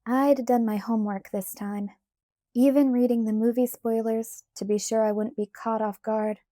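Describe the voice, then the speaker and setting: A woman reads a first-person audiobook in a steady, clear storytelling voice. Her pitch sits a little high and her tone is mellow. The recording is dry and close. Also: moderate pace, dry recording. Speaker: audiobook narrator. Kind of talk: scripted first-person narration.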